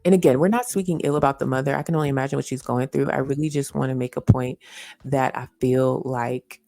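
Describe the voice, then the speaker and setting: A woman's voice: extremely low pitch, steady tone, quick pace, warm tone, no room sound. A woman hosting a casual commentary livestream, earnest and repeating her points with lots of "you know" fillers. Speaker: host. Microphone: streaming setup.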